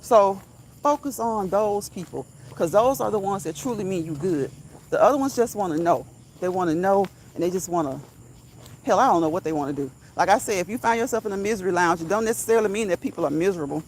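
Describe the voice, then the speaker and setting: A woman's voice: mid-range voice, lively intonation, fast, darkish tone, slight background noise. A woman vlogger giving motivational talk on a walk outdoors, emphatic and repetitive, chuckling now and then, into a phone mic. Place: outdoors, walking at night. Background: crickets and insects.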